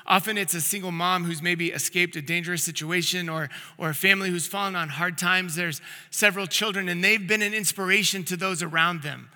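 Bright-voiced pastor in a reverberant church. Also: male voice, high voice, steady tone, brisk, few pauses. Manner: earnest storytelling with frequent restarts. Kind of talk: conversational sermon. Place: church sanctuary. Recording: long reverb of a church hall.

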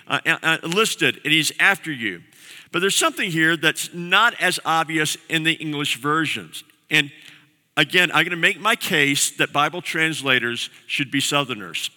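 Bright-voiced male pastor in a reverberant hall. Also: a little high, animated, normal speed. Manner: conversational teaching with vivid explanations. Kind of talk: sermon.

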